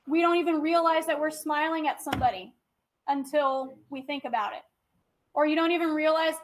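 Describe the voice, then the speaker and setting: A young female teacher delivers a classroom lecture in a very high voice, talking chattily and repeatedly checking that her students are following along. The audio quality is poor.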